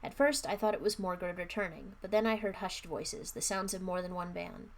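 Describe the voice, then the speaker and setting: A woman's voice: lowish voice, normal speed. A young woman streaming a live book reading, narrating and breaking off for wry, offhand comments. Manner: wry, offhand, chatty asides.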